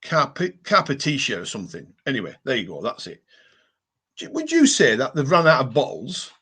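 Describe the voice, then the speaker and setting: A man's voice: medium pitch, moderate pace, slightly rough. A middle-aged man hosting a casual home live stream, ranting and reading out viewer comments. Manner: ranting, animated, reads viewer comments aloud.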